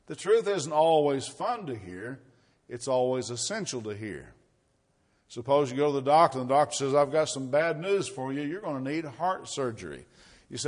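A man preaching a sermon, reading scripture loudly and dropping low for asides and rhetorical questions. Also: expressive, moderate pace.

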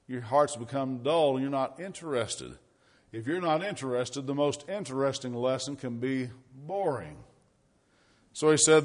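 A man preaching a sermon, reading scripture loudly and dropping low for asides and rhetorical questions. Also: animated, moderate pace.

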